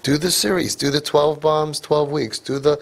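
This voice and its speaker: A man with a gravelly, fry-edged voice gives a parenting talk to a live audience. His tone is husky and a little rough. He jokes and throws in quick asides to the room. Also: on the high side, fairly even intonation. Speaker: parenting coach.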